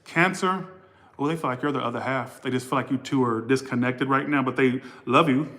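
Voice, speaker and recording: A man's voice: medium pitch, brisk, fairly bright tone. A man giving a casual tarot reading for all the signs, blunt and profane, often losing his place and rambling. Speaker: tarot reader.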